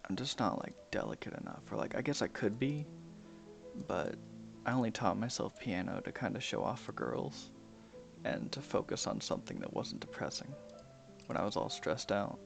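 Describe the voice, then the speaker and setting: Young man, game commentary, gravelly, low voice, lively pitch, piano music behind, swears and whispers. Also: normal speed, pauses often. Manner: mumbling, swears a lot, drops into whispers. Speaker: gaming streamer. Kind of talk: casual commentary while playing a game.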